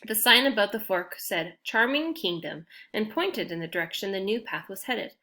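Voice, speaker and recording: A woman's voice: medium pitch, fairly quick, sharp tone. A woman narrating a children's fantasy chapter as an audiobook reader, reading steadily and now and then restarting a phrase. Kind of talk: storybook narration.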